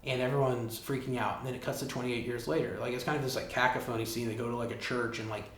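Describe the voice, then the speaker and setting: A man's voice: medium pitch, fairly even intonation, quick pace, fairly bright tone. Rambling man retelling a movie plot. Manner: rambling, heavy on "like" and swearing. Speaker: podcast host. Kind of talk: casual solo podcast monologue, retelling a film plot. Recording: roomy backup recording with faint hiss.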